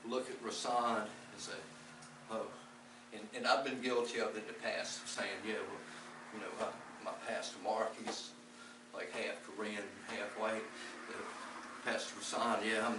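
A man giving an earnest, rambling testimony about his faith, often repeating words as he tells the story. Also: fairly low pitch. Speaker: lay preacher. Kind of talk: testimony-style faith talk. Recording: echoey distant recording with background noise.

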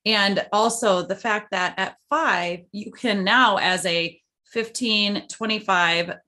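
A woman's voice: medium pitch, slow pace, sharp tone. A woman hosting a casual interview podcast, talking in an affirming, reflective way. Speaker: podcast host.

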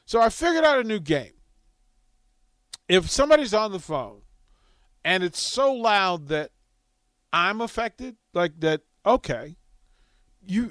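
A man's voice: sits high, no echo. A man hosting a talk radio show, telling a funny story with lots of laughter.

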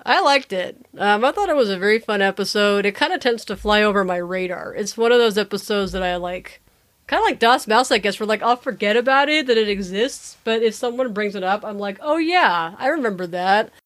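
Relaxed woman in easygoing chat. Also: mid-range voice, a little fast. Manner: relaxed, easygoing, trails off softly. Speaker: podcast co-host. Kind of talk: casual chat.

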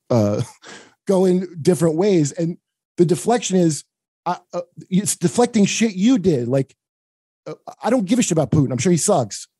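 A man's voice: fairly high pitch, mellow, no room sound. A man from the United States chatting casually on a podcast, swearing often, rambling with restarts and jokes. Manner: profane, rambling, joking, frequent restarts.

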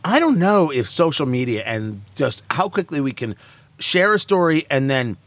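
A man's voice: on the high side, no echo. A man hosting a talk show, ranting and joking sarcastically in casual banter with co-hosts. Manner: animated, sarcastic, quick asides.

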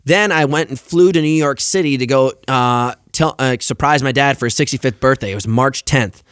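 A man's voice: mid-range voice, moderate pace, a bit bright, clean tone, no echo, studio quality. A young man in casual podcast chat, telling stories animatedly, swearing and acting out quoted lines. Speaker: podcast guest.

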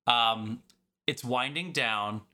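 A man co-hosting a podcast, chatting casually about a film and retelling its scenes in an animated way. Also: medium pitch, takes it slowly. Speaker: podcast co-host.

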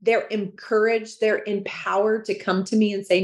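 Expressive woman guest on a podcast. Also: mid-range voice, moderate pace. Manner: emphatic and expressive, frequent restarts, laughs. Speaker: podcast guest, business owner. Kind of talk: casual interview chat.

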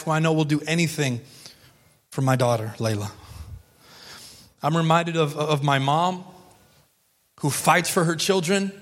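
A male pastor delivers a sermon in a casual, storytelling tone, driving points home through repetition. His voice sits high for a man. The sound rings with a long reverb, as from a large hall. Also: measured pace, pauses often, fairly bright tone. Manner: conversational storytelling, emphatic repetition.

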